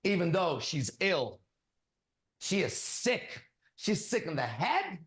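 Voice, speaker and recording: A man whose voice sits on the high side, a bit bright and full of big pitch swings, speaks slowly as he preaches to a listener. Acting as a spiritual teacher in an echoey room, he is emphatic and commanding, driving home repeated phrases.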